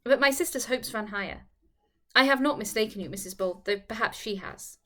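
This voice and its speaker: A woman voicing Bertie, a lackadaisical, good-natured young gentleman who speaks hesitantly. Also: a little high, fairly quick. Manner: lackadaisical, imploring.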